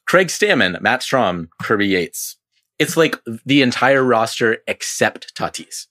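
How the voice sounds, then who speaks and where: A man's voice: medium pitch, very animated, unhurried, pushed and bright. A man co-hosting a casual sports chat, laid-back with dry humor and hesitant fillers. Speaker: podcast co-host.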